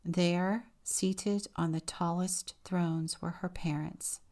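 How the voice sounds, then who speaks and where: A woman deacon reading a children's picture book aloud, with slow, expressive storytelling. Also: fairly low pitch.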